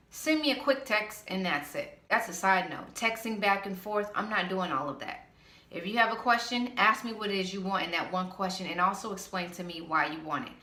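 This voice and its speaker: A woman's voice: mid-range voice, normal speed, sharp tone, reverberant. A woman vlogger ranting bluntly with a slightly nasal voice, sassy and exasperated. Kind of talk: ranting vlog.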